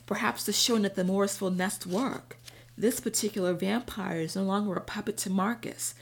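A woman voicing a calm, thoughtful adult man who speaks in a slow, measured way. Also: mid-range voice, slightly rough. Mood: musing.

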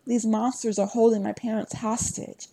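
A woman's voice: a little high, flat delivery, normal speed, dark tone, pitched above the performer's own voice. A woman reading a storybook voicing a frightened, stammering skinny goth teenage boy. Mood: nervous.

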